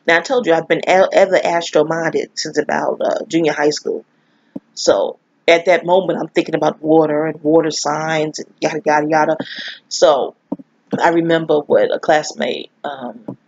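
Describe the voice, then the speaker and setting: New woman, husky, chatty and profane storyteller, dry lo-fi audio. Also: on the low side, measured pace, darkish tone, no room sound. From New York. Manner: candid, profane, rambling storyteller who laughs often. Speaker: astrology vlogger. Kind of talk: casual spoken monologue. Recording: dull lo-fi audio.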